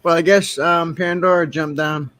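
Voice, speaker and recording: A man's voice: on the high side, steady tone, normal speed, a bit bright, no room sound. A man in a casual group chat, blunt and mocking as he cuts in. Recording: crowd noise behind the voice.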